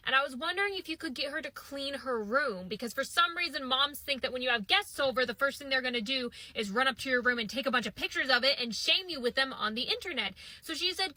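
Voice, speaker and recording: A young woman with a high, very bright voice tells a comic story straight to the listener. She acts out each person she quotes with lively jumps in pitch. The sound is close and dry, with no room around it. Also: quick pace, dry recording. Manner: animated, acts out quoted people with shifting pitch. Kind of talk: comedic storytime monologue.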